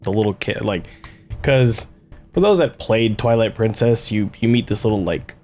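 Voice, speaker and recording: A man's voice: on the low side, moderate pace, darkish tone, faint music behind. A man co-hosting a video game let's play, talking casually and hesitantly, searching for words with lots of fillers. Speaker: co-host of a gaming let's play. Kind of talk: casual chat while playing.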